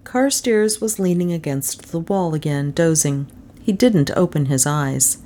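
A woman narrating a novel in an expressive, animated storybook reading. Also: low-pitched, a little slow. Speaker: audiobook narrator.

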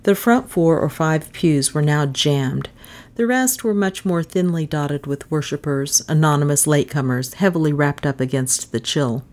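Woman, audiobook narrator, wry delivery, low deep voice. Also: normal speed, darkish tone. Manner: dry, wry storytelling.

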